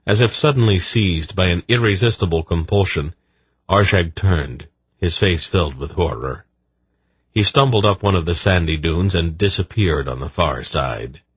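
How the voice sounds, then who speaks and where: Audiobook narrator: man, very low, husky, measured. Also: dry recording. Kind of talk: scripted narration.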